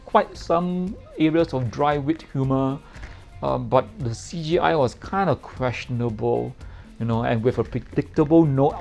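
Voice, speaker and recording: A man's voice: medium pitch, darkish tone. A man giving a casual spoken film review in a playful way, repeating words for comic effect.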